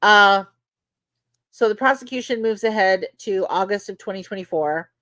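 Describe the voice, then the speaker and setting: A woman retelling court testimony in a loose, chatty way, often using "like" and "you know" as she goes. Her voice sits at a medium pitch and sounds dry and close, with no room echo. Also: moderate pace, sharp tone. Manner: conversational, many fillers like "you know". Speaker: podcast host. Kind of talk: casual recap of trial testimony.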